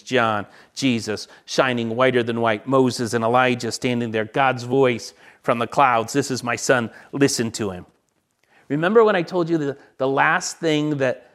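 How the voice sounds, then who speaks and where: A middle-aged male pastor giving a sermon, earnest, often dropping to a soft voice to repeat a phrase for emphasis. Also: medium pitch.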